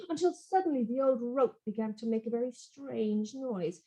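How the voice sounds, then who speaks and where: A woman reading a children's story aloud in an expressive, animated way. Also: fairly high pitch, normal speed, hardly any pauses, slightly rough, poor audio.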